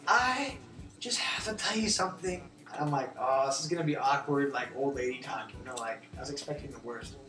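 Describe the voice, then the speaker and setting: A man co-hosting a show, telling a lively story in casual chat and acting out the other people's lines. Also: medium pitch, a little fast. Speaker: show co-host. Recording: roomy, distant mic, music behind.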